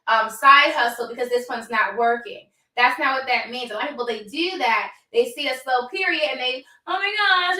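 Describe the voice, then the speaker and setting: Emphatic woman coaching viewers, bright tone. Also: a little high, roomy sound, distant mic, rough recording. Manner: emphatic, repeats for stress, addresses viewers directly. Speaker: host, notary business coach. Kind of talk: casual livestream talk.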